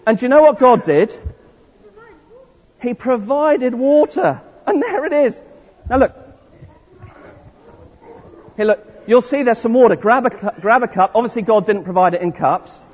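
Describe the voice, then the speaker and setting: With a very high-pitched voice, a moderate pace, and frequent pauses, a man takes the congregation through a story at an interactive all-age service. His manner is playful and encouraging, and he often restarts. The setting is a large church hall, captured in a dull, echoey recording from a distance.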